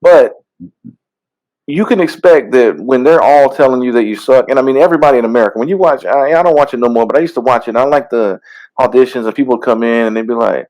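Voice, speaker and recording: A man's voice: medium pitch, fast, rough recording. A man co-hosting a casual comedy podcast, ranting with lots of profanity and mocking impressions. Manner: profane, animated, mocking voices. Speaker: podcast co-host.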